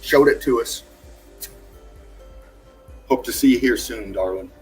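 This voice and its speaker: A man's voice: mid-range voice, measured pace. A man hosting a livestream, casually greeting viewers one by one and praising them effusively, with laughs along the way. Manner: effusive, calls viewers darling, laughs often. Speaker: livestream host. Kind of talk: casual livestream shout-outs. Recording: faint music behind.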